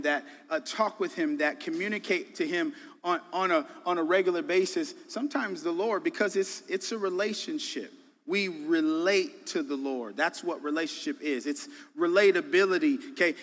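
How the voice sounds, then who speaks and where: A man preaching a sermon as a guest pastor, emphatic and casual, swinging between loud bursts and quiet drops. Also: on the high side, in a large hall. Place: church sanctuary.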